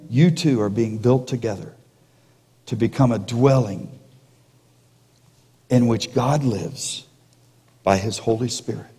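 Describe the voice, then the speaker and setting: A male pastor preaching a sermon, slowing down and dropping to a hush for emphasis, with jokey asides to the congregation. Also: mid-range voice, breathy edge. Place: church sanctuary. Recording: long reverb of a large hall.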